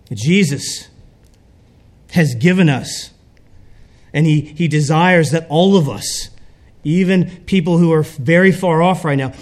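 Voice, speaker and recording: A man preaching a sermon, talking conversationally and often checking in with the congregation. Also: on the high side. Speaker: pastor.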